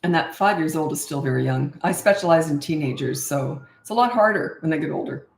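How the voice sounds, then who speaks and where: A woman's voice: low voice, animated, a little fast, vocal fry. Breezy matter-of-fact woman, echoey room. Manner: breezy and matter-of-fact, acts out parent lines in a bright sing-song. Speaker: parenting coach answering viewer questions. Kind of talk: casual Q&A livestream.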